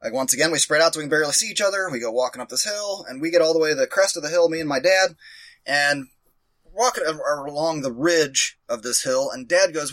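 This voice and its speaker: A man's voice: on the high side, fast talker, a bit bright, dry recording. A man telling a rambling, profane, self-mocking story in a casual chat.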